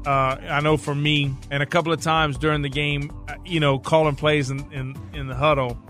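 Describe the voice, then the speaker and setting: Animated former quarterback recalling a game. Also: male voice, a little high, normal speed, faint music behind. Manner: animated, restarts and stumbles when emotional. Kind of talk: interview recollection.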